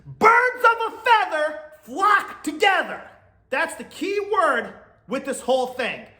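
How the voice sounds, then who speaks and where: A man's voice: very high voice, sing-song, takes it slowly, sharp tone, echoey room. A man hosting a podcast, giving blunt, exasperated commentary and laughing often. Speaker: podcast host. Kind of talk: casual opinion commentary.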